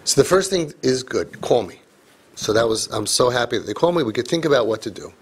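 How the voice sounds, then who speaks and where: A man, a parenting coach, speaking to a live audience in an animated, joking way with quick asides. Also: medium pitch, slightly rough. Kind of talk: live parenting seminar talk.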